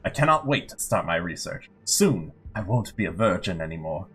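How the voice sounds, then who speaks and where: A man reading aloud the diary of an obsessive vampire, in a low, deliberate voice. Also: big pitch swings, fairly bright tone, husky, exaggerated voice.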